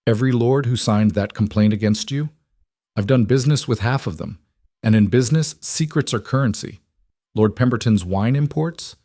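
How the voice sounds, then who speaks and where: A man voicing a proud older foreign merchant and father who speaks flatly and grimly, in an audiobook romance. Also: on the low side, no room sound, clean studio sound. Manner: flat, grim and forceful.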